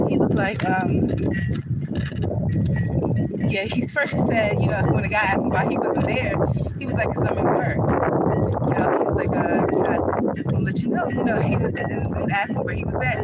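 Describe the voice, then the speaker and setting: A breathless woman talks into a handheld phone as she walks her bike along a street, chatty and rambling, leaning on fillers between thoughts. Her voice sits at an ordinary middle pitch. Loud traffic noise fills the outdoor recording behind her. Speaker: vlogger. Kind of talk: casual storytelling vlog.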